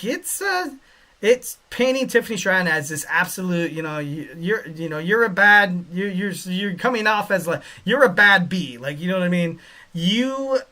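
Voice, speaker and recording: A man's voice: sits high, bright, forceful tone. A man hosting a podcast, giving casual wrestling commentary in a rambling way with many fillers and joking asides. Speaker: podcast host.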